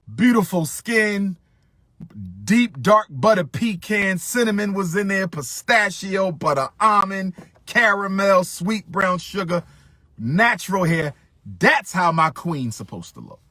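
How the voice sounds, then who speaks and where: A man's voice: sits high, pushed and bright, no echo, clean studio sound. A middle-aged man giving impassioned commentary, emphatic, repeating his phrases for stress.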